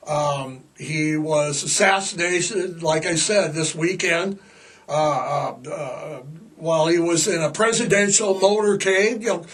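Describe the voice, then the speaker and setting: A man in his sixties hosting a podcast, talking in a rambling, jokey way with heavy sarcasm and drawn-out emphasis. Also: a little high, fairly bright tone, distant mic. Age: 60s. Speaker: podcast host. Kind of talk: rambling casual monologue.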